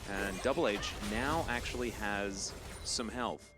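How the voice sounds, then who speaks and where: A man giving playful, excitable play-by-play commentary on an esports match, with game music underneath. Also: on the low side, measured pace. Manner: playful, hyped, jokey. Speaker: esports caster.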